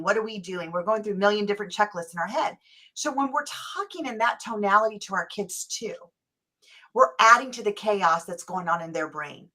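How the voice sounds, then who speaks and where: A woman with a medium-pitched, sharp-toned voice hosts a parenting podcast. In this interview she talks earnestly and thinks aloud.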